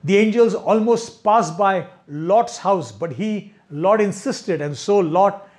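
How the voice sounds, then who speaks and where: High-voiced man preaching with animated storytelling. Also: takes it slowly. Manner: earnest, animated storytelling with acted-out pleas. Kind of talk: sermon.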